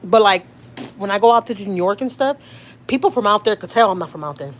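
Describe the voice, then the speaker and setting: A woman's voice: mid-range voice, expressive, a little fast, a little hiss or hum. A woman from Houston, Texas with a Houston accent, chatting casually with viewers on a livestream from a car, reading comments and swearing freely. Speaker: vlogger, channel host. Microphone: phone.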